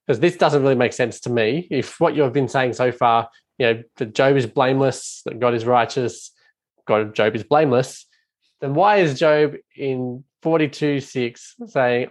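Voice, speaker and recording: A man's voice: mid-range voice, normal speed. A man hosting an interview, asking questions in an inquisitive way and thinking aloud. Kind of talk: conversational questioning.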